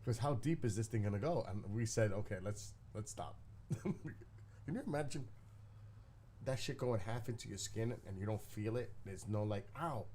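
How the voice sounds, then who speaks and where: A man's voice: on the low side, moderate pace, darkish tone, slight background noise. A man hosting a live stream from his living room, telling a rambling story in a blunt, casual way and swearing freely. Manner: profane, blunt, talking to chat.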